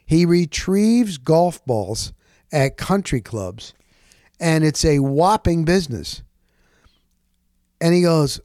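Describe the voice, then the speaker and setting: A man's voice: high-pitched, measured pace, no room sound, studio quality. A man hosting a talk show, telling a long casual story and acting out the voices of the people in it, blunt and a bit profane. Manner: animated, acts out quoted voices, blunt and profane. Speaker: radio host telling a story. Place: lives in Florida.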